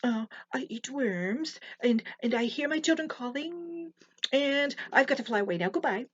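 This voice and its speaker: A woman voicing a flustered mother bluebird in a storybook tale, with fluttery, hurried exclamations. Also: high voice, expressive, slightly rough, voice pushed up. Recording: slightly muffled recording.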